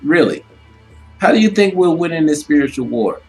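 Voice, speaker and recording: A man's voice: on the high side, animated, moderate pace, darkish tone, faint music behind, rough recording. Preachy man with motivational repeats. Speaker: relationship advice co-host. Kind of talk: casual advice chat.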